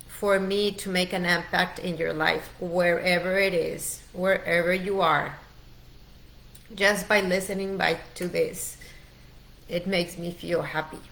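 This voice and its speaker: A middle-aged woman as a wellness coach, leading a guided training in a slow, soothing, heartfelt way. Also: on the low side, fairly bright tone. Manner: slow, soothing, heartfelt, urges the listener to breathe.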